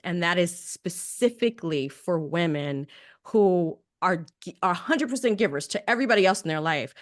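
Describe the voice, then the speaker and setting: Reflective woman coach thinking aloud. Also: lowish voice. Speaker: coach and podcast guest. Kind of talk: casual roundtable sharing.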